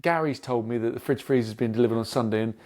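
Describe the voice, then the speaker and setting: A man's voice: medium pitch, fast, a little mellow. A man from Britain, a podcast co-host in casual chat, telling stories animatedly with lots of swearing and acted-out dialogue.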